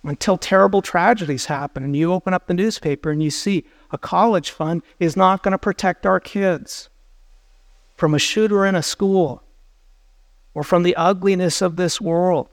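Earnest preacher with a higher voice. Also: male voice, no room sound. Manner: earnest, urgent, exhorting. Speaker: pastor. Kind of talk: sermon.

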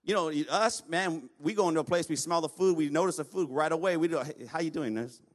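Higher-voiced man preaching a sermon. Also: quick pace. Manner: reads scripture aloud, then preaches to the congregation; urges the congregation to respond. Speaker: pastor.

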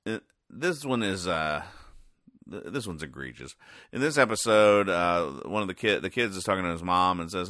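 A man hosting a podcast, recapping comic strips in a dry, sarcastic, deadpan way. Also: deep voice, a little fast, no echo. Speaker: podcast host.

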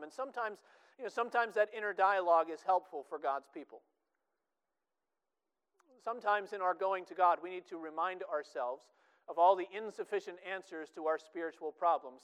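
Earnest preacher, clear high voice. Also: male voice, a bit bright, low-quality recording. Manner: earnest, repeats words for emphasis. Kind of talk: sermon.

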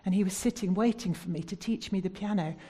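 British woman preaching, warm husky voice, asks the church lots of earnest questions. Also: medium pitch, fast talker. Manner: earnest, searching questions to the congregation; soft and prayerful when leading prayer. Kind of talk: sermon.

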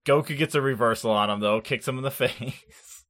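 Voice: mid-range voice, moderate pace, a bit bright. Laid-back rambling podcast host. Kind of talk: casual chat.

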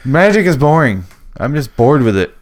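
A man's voice: medium pitch, very animated, moderate pace. A man co-hosting a casual late-night podcast chat, ranting with lots of swearing and acted-out quotes. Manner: profane, ranting, acts out quotes. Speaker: podcast co-host.

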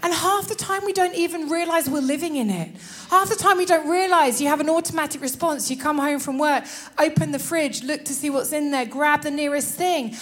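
High-voiced woman preaching animatedly. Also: brisk. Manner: animated, laughs often, acts out little scenes. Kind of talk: sermon.

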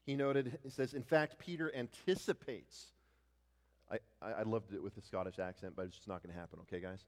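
A pastor preaches a sermon in a large hall, his low voice moving at a quick pace. He often repeats words as he restarts, building to loud declarations and then dropping to hushed tones.

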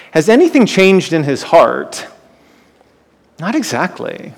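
A man's voice: mid-range voice, in a large hall. A male pastor preaching a sermon, retelling scripture dramatically and asking the listeners rhetorical questions.

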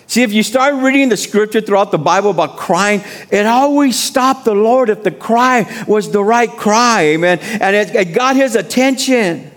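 A man whose voice sits high, fairly bright in tone, preaches at a normal speed with few pauses. As a guest speaker, he urges the congregation on in plain, informal speech and repeatedly calls for "amen."

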